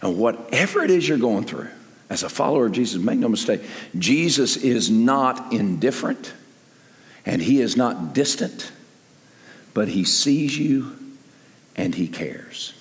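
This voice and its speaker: Animated older male preacher in a hall. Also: mid-range voice, measured pace. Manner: animated, swings from quiet to loud emphasis. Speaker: pastor. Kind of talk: sermon. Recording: echoey hall with long reverb.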